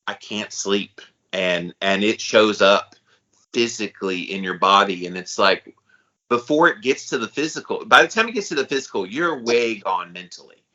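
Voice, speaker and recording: A man co-hosting a podcast, talking in a loose, slangy, animated way. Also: lowish voice, dull audio. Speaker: podcast co-host. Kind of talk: casual chat.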